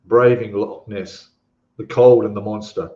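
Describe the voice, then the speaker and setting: This Australian host's voice is fairly low, mellow, and unhurried, with fairly even intonation, as he casually reads comments and chats on a live stream. His speech rambles with lots of fillers and restarts, and the echoey room gives a dull, lo-fi sound.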